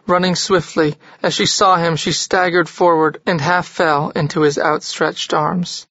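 A man gives steady, measured narration of a classic novel. His voice sits a bit high for a man. The recording is dry and somewhat dull. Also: no room sound. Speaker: audiobook narrator.

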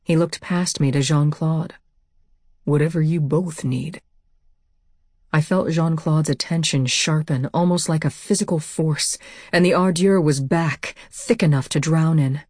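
A woman narrating a first-person audiobook in a steady, measured way on a close mic. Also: sits low, no echo.

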